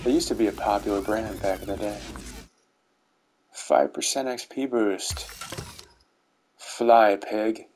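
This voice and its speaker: A man's voice: lowish voice, slow, pauses often, a little mellow, a little hiss or hum, low-quality recording. A middle-aged man giving casual commentary on game rewards, with dry dad-joke humor. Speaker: YouTuber reviewing game rewards. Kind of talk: casual commentary over gameplay footage. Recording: faint background music.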